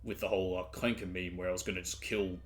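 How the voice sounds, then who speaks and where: A young man chatting casually to his stream while playing, rambling with quick asides. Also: sits low, little pitch movement. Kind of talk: casual gameplay commentary.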